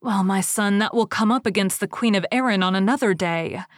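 A woman's voice: medium pitch, a little fast, no room sound, clean studio sound, natural voice. A woman voicing a loving, grave mother queen in a fairy tale read aloud. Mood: tender.

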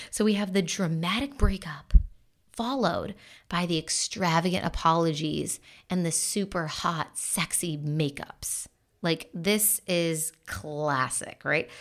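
A woman commenting casually on relationships, chatty, with lots of "like" and "you know". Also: lowish voice.

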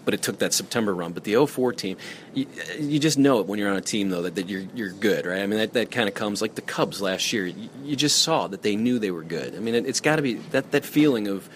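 A middle-aged male broadcaster fires off quick, rambling questions in a lowish voice. He restarts his sentences often as he talks. A faint hiss sits under him. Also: animated. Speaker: broadcaster, interviewer. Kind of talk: conversational interview questions.

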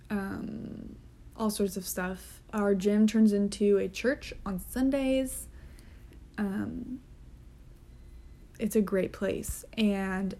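A young woman talks unhurried and loose on her solo podcast, filling pauses with ums and gushing over the things she loves. Her tone is soft and mellow rather than bright, and her pitch sits in an ordinary middle range. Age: young adult. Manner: chatty and earnest, with frequent ums and gushing. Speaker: podcast host. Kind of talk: casual solo podcast chat.

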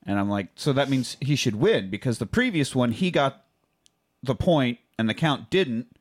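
A man's voice: mid-range voice, sing-song, normal speed. A man co-hosting a movie rewatch podcast, chatting casually and cursing while retelling scenes. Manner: profane, retells movie scenes in acted quotes. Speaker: podcast co-host. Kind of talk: casual chat.

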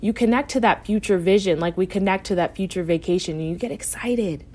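A woman's voice: mid-range voice, brisk, a little mellow. A woman hosting her own podcast as a life coach, talking directly and encouragingly to listeners with a tough-love edge and frequent laughs. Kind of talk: motivational podcast talk.

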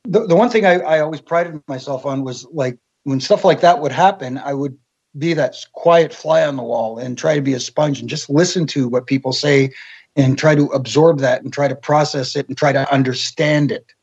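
A man's voice: a little high, moderate pace, vocal fry, darkish tone, slightly rough. A man who worked as a wrestling referee tells stories in casual interview talk, acting out quoted lines. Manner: storytelling, acts out quoted voices. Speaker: guest, former wrestling referee. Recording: dull lo-fi sound.

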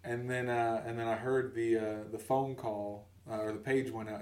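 Animated storytelling man on a podcast. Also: medium pitch, moderate pace, echoey room, recorded from a distance. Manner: animated, acts out voices in his stories. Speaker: podcast co-host. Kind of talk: casual comedic storytelling.

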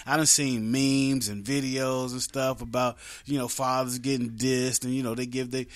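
A man's voice: medium pitch, flat delivery, moderate pace, few pauses. A man hosting an internet radio show, talking casually in a rambling, joking way and laughing often.

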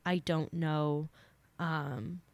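Her low, gravelly voice draws out words with fairly even intonation, and there's no echo at all. The young podcast host, slightly sick, answers listener questions chattily and earnestly, using lots of fillers as she offers casual advice.

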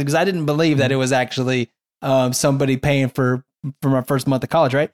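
A young man telling a personal faith story in casual chat, animated and rambling with many restarts. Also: a little high, quick pace.

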